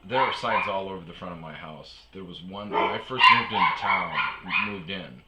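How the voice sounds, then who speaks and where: A man from Wisconsin telling rambling, profane comic stories that often trail off into low mumbles. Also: moderate pace, heavy background noise. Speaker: storytelling podcaster.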